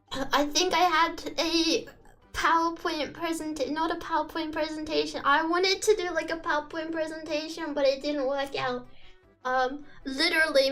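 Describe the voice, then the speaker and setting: A woman streamer chatting casually on a live stream, giggly and excitable, often repeating her greetings. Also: high-pitched.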